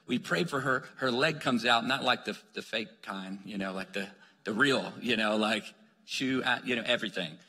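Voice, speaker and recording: A man's voice: medium pitch, normal speed, bright, forceful tone, slightly rough. A man preaching a sermon with energy, telling stories and urging the congregation on with calls of "come on.". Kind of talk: sermon storytelling. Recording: long hall reverb.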